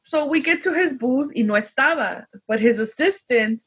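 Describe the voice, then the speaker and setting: Animated bilingual woman telling a story. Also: sits high, moderate pace, few pauses, husky. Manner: animated, switches between English and Spanish. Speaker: podcast co-host. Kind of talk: casual storytelling chat.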